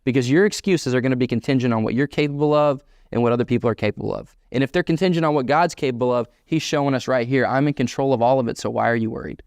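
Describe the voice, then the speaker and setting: A man preaching a sermon as pastor, animated and emphatic, voicing quoted dialogue in bursts. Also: medium pitch, rapid-fire, hardly any pauses, no room sound, studio quality.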